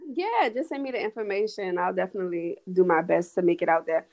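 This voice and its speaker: A woman's voice: on the low side, quick pace, darkish tone. Friendly woman chatting casually. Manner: friendly, laughs easily, affirming. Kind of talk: casual chat.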